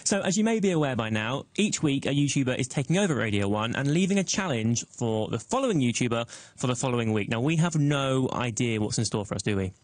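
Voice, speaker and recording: A man's voice: mid-range voice, expressive, quick pace, few pauses, no echo. Chatty young man hosting radio. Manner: self-deprecating, chatty. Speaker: guest radio host. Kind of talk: casual radio chat. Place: radio studio.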